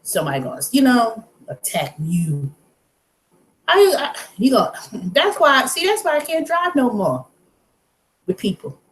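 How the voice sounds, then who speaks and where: A woman's voice: high voice, huge pitch swings, normal speed. A woman hosting her own vlog, ranting bluntly and profanely in casual talk. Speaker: vlog host. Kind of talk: casual rant to camera. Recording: roomy echo.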